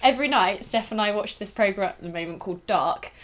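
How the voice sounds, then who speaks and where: A woman's voice: medium pitch, fast. A woman co-hosting a casual home podcast, giggling and teasing her partner as she talks, recorded in a hot upstairs home office. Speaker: co-host. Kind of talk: casual chat.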